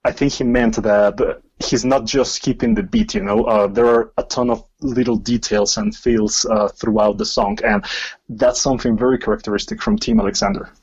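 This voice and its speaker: Chill podcast dude, raspy husky voice, kinda muffled lo-fi mic. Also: male voice, medium pitch, moderate pace, a little mellow. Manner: easygoing, hesitant, lots of uh fillers. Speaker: podcast co-host. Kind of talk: casual music discussion.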